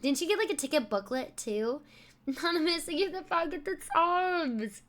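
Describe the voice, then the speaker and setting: A woman's voice: high-pitched, lively intonation, moderate pace, a bit bright. A young woman streaming live, laughing often as she exclaims and thanks her viewers.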